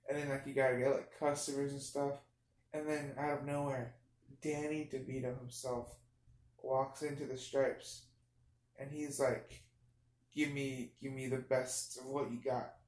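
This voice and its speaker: A man's voice: medium pitch, unhurried. A young man improvising a rambling, absurd story, full of fillers and restarts. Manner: meandering, filler-heavy, deadpan absurd. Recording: echoey room.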